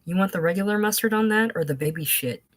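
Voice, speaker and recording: A woman's voice: medium pitch, fast, pitched above the performer's own voice, lightly acted. A woman reading aloud voicing a blunt, offhand working-class man.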